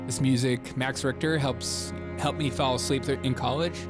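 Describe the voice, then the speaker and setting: A man's voice: mid-range voice, fairly even intonation, moderate pace. Joking young male livestream host. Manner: joking, laughs often, reads chat aloud. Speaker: live stream host. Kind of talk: comedic political commentary stream. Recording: music playing behind the voice.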